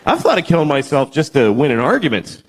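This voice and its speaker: A man in his forties doing stand-up comedy, deadpan, dark and profane. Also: fairly high pitch, quick pace, slight background noise. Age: 40s. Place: stage in a comedy venue.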